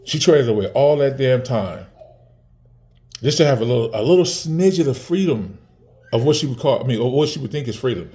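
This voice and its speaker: A man's voice: mid-range voice, expressive, fairly quick, warm tone. A man in his forties talking casually to the camera, heated and profane, repeating words and restarting often. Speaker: vlogger.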